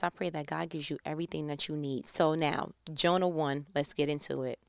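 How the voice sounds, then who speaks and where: A woman's voice: deep voice, fairly quick, gravelly, hardly any pauses, dry recording. A woman preacher giving a casual, slangy, joking sermon.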